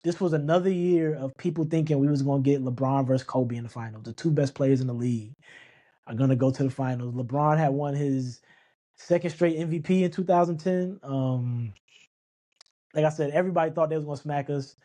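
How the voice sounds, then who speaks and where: A man's voice: a little high, a little fast, warm tone. A man hosting a casual talk show, emphatic, often repeating himself and restarting sentences. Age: adult. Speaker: sports podcast host. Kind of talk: casual sports talk monologue.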